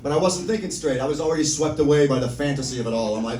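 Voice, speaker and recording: A man's voice: mid-range voice, racing, darkish tone, far from the mic. Self-mocking male stand-up comic in a club. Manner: self-mocking, wry asides. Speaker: stand-up comedian. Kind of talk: stand-up set. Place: comedy club stage. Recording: roomy club sound from afar. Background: audience laughter.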